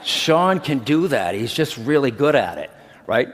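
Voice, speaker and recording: A man's voice: medium pitch, big pitch swings, a little slow. A middle-aged man, a medium, gives a chatty conference talk and keeps checking in with the audience. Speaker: medium teaching a workshop. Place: large conference hall. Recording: long reverb of a big hall.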